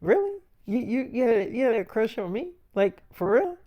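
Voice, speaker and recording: A man's voice: on the high side, moderate pace, clean tone, highs cut off, lightly acted. A man voicing a busy, playful young actress in his storytelling, teasing and eager in her questions.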